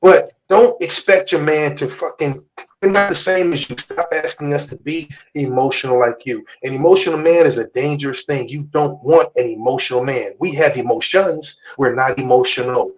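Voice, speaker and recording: A man's voice: fairly high pitch, moderate pace, dull audio. A man hosting a live-stream talk show, speaking bluntly and preachily, with lots of swearing. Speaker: podcast host. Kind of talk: casual chat on a live stream.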